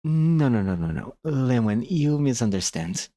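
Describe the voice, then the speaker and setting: A man's voice: mid-range voice, sing-song, a little slow, warm tone, no room sound, studio quality, voice pushed up. A man voicing an earnest, dutiful young church officer who asks questions and answers plainly. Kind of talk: amateur reading of game dialogue.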